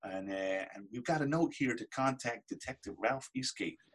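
A man's voice: mid-range voice, moderate pace, husky, lightly acted. A man voicing a cheerful, helpful male immigration officer on the phone. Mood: obliging.

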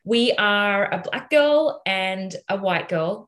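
A woman's voice: medium pitch, takes it slowly, few pauses, sharp tone. A woman with an Australian accent co-hosting a podcast interview, chatty and enthusiastic, with fillers and restarts. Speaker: podcast co-host.

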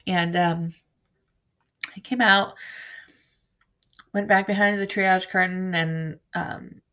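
A woman telling her own story as a bereaved mother, halting and frank, with blunt swearing. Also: on the low side, steady tone, pushed and bright. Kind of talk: personal storytelling to camera.

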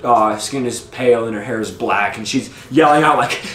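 A man's voice: mid-range voice, normal speed, few pauses, fairly bright tone, echoey room. A young man narrating a tabletop game as game master, hesitant with frequent ums and restarts.

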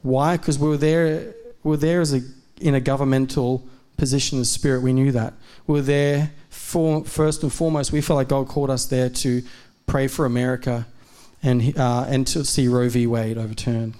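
A man's voice: mid-range voice, normal speed, clear, resonant tone. A man preaching as a guest speaker at a church service, telling a personal story and acting out the dialogue. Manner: animated, acts out quoted dialogue. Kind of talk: live sermon storytelling.

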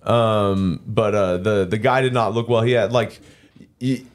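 A man's voice: on the low side, flat delivery, measured pace. A man on a podcast, casually telling a story with lots of swearing, acting out both sides of an argument in quoted voices. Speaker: podcast co-host. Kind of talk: casual chat.

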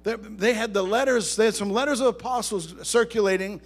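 Man, pastor, sermon, high-pitched voice, conversational, joking asides, emphatic bursts. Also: brisk.

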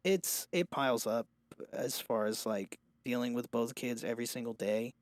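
A man's voice: mid-range voice, normal speed, dry recording. A young man, a father, talking candidly and rambling in a casual podcast chat, restarting and trailing off.

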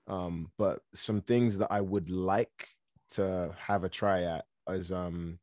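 An easygoing man speaks as an actor guest in a casual interview. His voice is very deep, and he stammers lightly as he talks in a relaxed way. The sound is dry and close. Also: slow pace, no echo.

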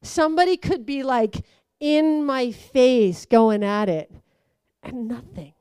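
A woman giving a conversational sermon, telling stories with lively acted-out quotes. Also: high voice, takes it slowly, clear, resonant tone, no echo. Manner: animated storytelling, acts out quotes. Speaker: preacher.

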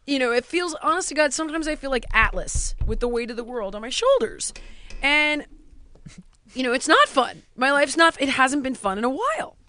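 A woman's voice: high voice, moderate pace. A woman in her forties, a TV show creator and star, telling stories expressively in casual chat. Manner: expressive, acts out quotes with shouty kid voices. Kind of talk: animated storytelling chat.

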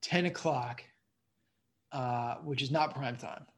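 A stand-up comedian, appearing as a guest on a podcast interview, tells stories in a relaxed, rambling way and keeps saying "you know what I mean." His voice is medium in pitch and he takes his time.

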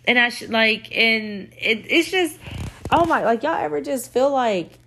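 A young woman sits at her mic for a casual storytime, speaking a little higher than most. She is frank and animated, drops swear words without a second thought, and keeps turning to address the audience directly. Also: a little slow. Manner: blunt and expressive, swears freely, talks straight to listeners. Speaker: podcast host.

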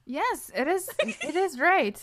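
A woman co-hosting a casual podcast, teaching phrases, animated and laughing at her own slips. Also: high-pitched, takes it slowly, no room sound, clean studio sound. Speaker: podcast co-host teaching Portuguese words.

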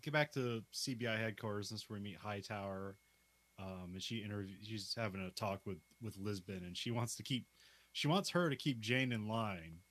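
A man's voice: on the low side, normal speed, fairly bright tone. A man co-hosting a casual TV recap chat, retelling the plot loosely and laughing often. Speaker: podcast co-host.

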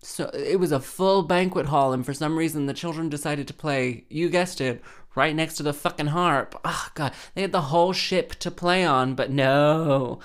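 A wedding harpist rants through a casual storytime, exasperated and sarcastic, with plenty of swearing. The voice is smooth and clear, sitting at a middling pitch. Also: moderate pace.

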